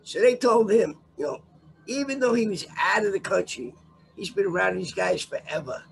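An older man spins a profane story as a guest in a casual interview. His voice sits high and gravelly, and it swings widely in pitch as he acts out the scene. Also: animated, normal speed, a little hiss or hum.

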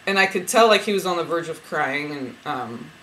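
A woman's voice: sits low, moderate pace, slight background noise, low-quality recording. Rambling woman recounting a dream. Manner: rambling, many fillers and restarts; emotional, excited. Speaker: spiritual card reader. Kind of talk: casual dream retelling to camera.

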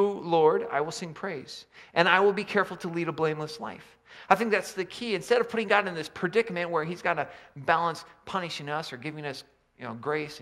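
A man preaching a sermon, swinging between loud emphatic lines and quiet low asides. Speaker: pastor.

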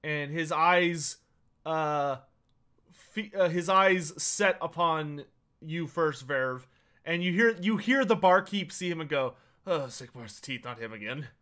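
A man narrating as game master of a tabletop role-playing game, pausing often with fillers as he describes scenes. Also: a little high, bright, forceful tone, clean tone. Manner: halting, many uh fillers while narrating.

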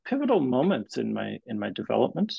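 Middle-aged male guest therapist, gravelly and raspy, animated storyteller with restarts, dull lo-fi video-call sound. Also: mid-range voice, no room sound. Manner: animated retelling with halting restarts. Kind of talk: storytelling in an interview.

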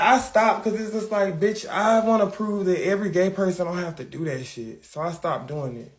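A man's voice: high voice, fairly quick, hardly any pauses. A man hosting a livestream, chatting with viewers in a brash, profane, talkative way. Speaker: livestream host. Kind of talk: casual livestream chat.

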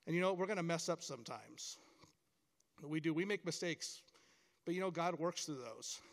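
A man's voice: on the high side, expressive, normal speed, gravelly. A middle-aged man giving a chapel talk to schoolchildren, encouraging and full of stories. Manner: storytelling, encouraging, acts out quoted lines. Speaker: camp staff speaker at school chapel. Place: large hall, chapel. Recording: long hall reverb.

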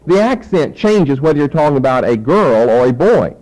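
Man teaching a lecture with a higher voice. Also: expressive, moderate pace, few pauses, darkish tone, rough recording. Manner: explains step by step, rhetorical questions; voice drops away when turning to write. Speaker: Bible teacher. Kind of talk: classroom lecture with a whiteboard.

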